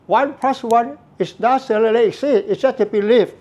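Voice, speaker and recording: A man's voice: very high voice, normal speed, a little mellow, muffled recording. A man giving a Buddhist teaching talk, earnest and repetitive, with non-native phrasing. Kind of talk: slow spoken Dharma talk.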